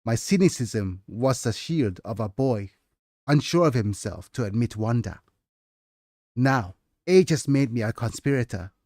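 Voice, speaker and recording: A man's voice: mid-range voice, a little mellow, dry recording, clean studio sound. A man reading aloud as an aging male scribe, solemn and reflective, with a Nigerian accent. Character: aging male scribe recalling his past.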